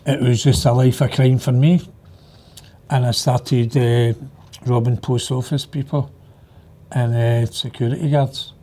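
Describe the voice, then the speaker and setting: A man with a mid-range voice recalls his past in an interview. He speaks plainly and pauses often with fillers. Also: medium pitch, little pitch movement, dark tone. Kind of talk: personal storytelling interview.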